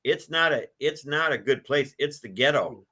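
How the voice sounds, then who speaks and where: An older guest, known for collecting a presidential car, drifts through a long story in a casual interview, his mid-range voice slightly rough yet bright and forceful at a moderate pace. He restarts often, talks loosely, and takes on others' voices when quoting them.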